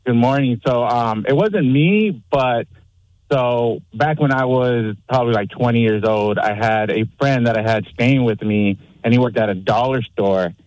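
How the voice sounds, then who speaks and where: A man phones in to a radio show and tells his story in a relaxed, matter-of-fact way. His voice sits at an ordinary middle pitch. The sound is dry and close, with no room around it. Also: unhurried, dry recording, rough recording. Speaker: caller. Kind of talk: telling an anecdote on a radio call-in.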